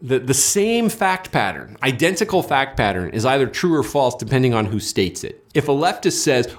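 A man of ordinary pitch talks as the guest in a loose political discussion. He argues with emphasis and drive, stacking repeated words and restarts as he builds each point. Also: sing-song, normal speed. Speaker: interview guest. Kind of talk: casual political conversation.

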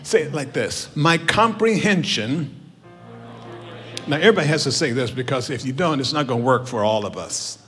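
Male pastor, storytelling sermon, hushed to loud, big hall echo, faint music. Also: mid-range voice, lively intonation, moderate pace. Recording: roomy church hall with music behind.

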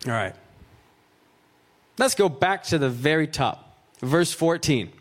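A man's voice: a little high, expressive, slow pace. Casual, joking preacher man. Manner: casual, joking asides, fillers of "like" and "right?". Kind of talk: conversational sermon with scripture reading.

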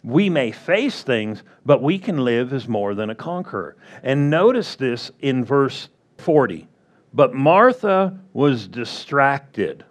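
Slow-preaching man pastor. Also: mid-range voice, big pitch swings, darkish tone. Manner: slow, drawn-out delivery with playful acted-out quotes. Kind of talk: sermon.

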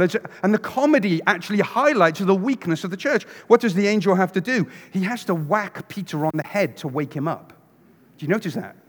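A man preaching a sermon in a church, telling the story with animated voices and dropping to hushed tones. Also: high-pitched, big-room sound. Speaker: pastor. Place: church sanctuary.

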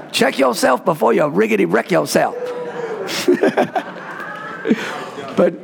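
A man preaching an energetic sermon as pastor, playful and call-and-response, bursting into shouts. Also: high voice, creaky. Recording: reverberant hall.

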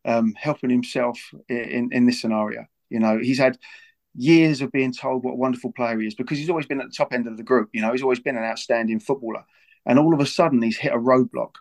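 Earnest man, gravelly and flat. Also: medium pitch, quick pace. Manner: earnest, repeats words often. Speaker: football club figure as guest. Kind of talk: casual podcast talk.

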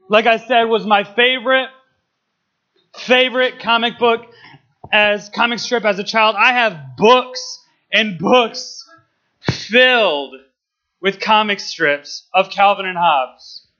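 A man's voice: high-pitched, takes it slowly, sharp tone, lo-fi sound. A young man speaking as a guest in a church service, playful and emotional, laughing as he talks. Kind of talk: jokey church talk.

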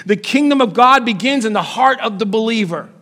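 A man preaching a sermon, emphatic, with big swings between loud and soft. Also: expressive, brisk. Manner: emphatic preaching with dramatic swings in pitch and loudness. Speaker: pastor.

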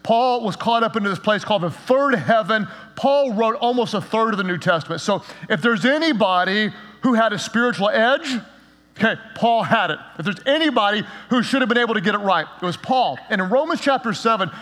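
Guy pastor preaching, pretty high voice, punchy and a bit jokey, big church echo. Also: fairly quick. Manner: energetic and emphatic, with a light joking touch. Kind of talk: sermon. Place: church sanctuary. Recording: long reverb of a large hall.

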